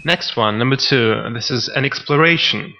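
Male co-host for a vocabulary lesson, measured and explanatory, bright tone, muffled lo-fi sound. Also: medium pitch. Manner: measured, reads out example sentences. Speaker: podcast co-host. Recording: dull lo-fi recording.

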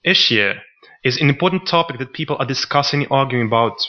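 A man co-hosting a podcast, teaching vocabulary in a scripted lesson and reading out example sentences in a measured way. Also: medium pitch. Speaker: podcast co-host. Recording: dull lo-fi recording.

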